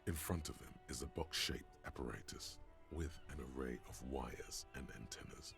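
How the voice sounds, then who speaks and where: A man doing a very deep gravelly narrator. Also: normal speed, fairly bright tone, soft background music. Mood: stern. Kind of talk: reading game narration aloud.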